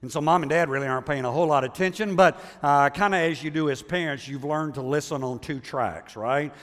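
A man's voice: a little high, fairly quick, fairly bright tone, in a large hall. A man preaching a sermon as a pastor, talking conversationally and often checking in with the audience. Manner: conversational storyteller, asks the audience for agreement.

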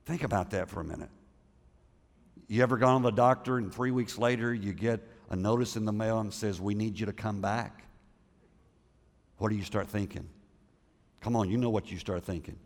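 A man's voice: fairly low pitch, moderate pace, pauses often, long reverb tail. A man preaching a sermon in a conversational way, often repeating words and putting questions to the congregation. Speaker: pastor.

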